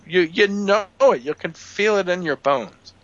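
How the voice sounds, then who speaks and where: A man's voice: high-pitched, animated, measured pace, fairly bright tone, no echo, dull audio. A man co-hosting a casual political chat who laughs often and makes long, earnest run-on points. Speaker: podcast co-host.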